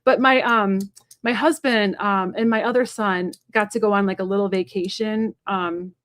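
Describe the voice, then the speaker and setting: A woman's voice: medium pitch, fairly even intonation, normal speed, fairly bright tone, no room sound. A woman in her thirties rambles cheerfully through a live tarot stream, full of ums and side chatter. Her voice sits in a middle register and is picked up dry and close, with no room sound. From Kansas. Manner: chatty, rambling, with many fillers and asides. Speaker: tarot reader hosting a livestream. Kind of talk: casual livestream chat.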